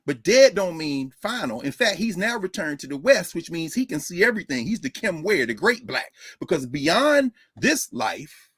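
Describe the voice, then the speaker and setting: A man giving a lively informal lecture, telling stories with a preacher-like rhythm and frequent laughter. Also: on the high side, normal speed, husky, no room sound, studio quality. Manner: animated storyteller, preacher-like rhythm, laughs often.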